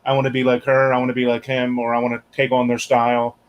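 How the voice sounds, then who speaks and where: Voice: medium pitch, completely flat delivery, fast, lo-fi sound. An interviewer hosting a live online Q&A over a video call, casual and agreeable, asking long questions. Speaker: interviewer host.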